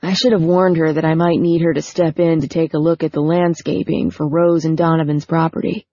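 A woman's voice: deep voice, flat delivery, brisk, no echo, lo-fi sound. A woman reading the part of a blunt, teasing older brother in an audiobook, with a blunt, forthright delivery. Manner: blunt, loud outbursts.

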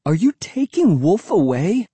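A man's voice: fairly low pitch, level tone, normal speed, dark tone, breathy edge, no room sound. A man voicing a frightened, defiant young boy who pleads and screams for his dog. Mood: upset.

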